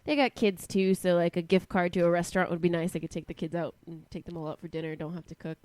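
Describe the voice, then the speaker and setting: Brief: woman co-host, a bit low-pitched, nasal from a cold, chatty and giggly, dry close mic. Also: steady tone, quick pace, darkish tone, no echo. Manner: chatty, laughs easily, many restarts. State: stuffy nose from a cold. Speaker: podcast co-host. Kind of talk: casual chat.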